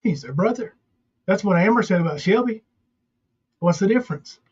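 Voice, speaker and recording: A man's voice: high voice, lively intonation, normal speed, darkish tone, husky. A man co-hosting a stream, earnestly arguing his point about played clips. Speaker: co-host. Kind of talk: casual commentary on played clips. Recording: dull lo-fi audio.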